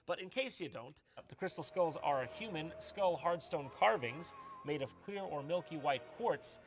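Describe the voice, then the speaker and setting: A man hosting a reaction commentary, mocking a clip with sarcastic jokes and loud outbursts. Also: sits high. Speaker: host.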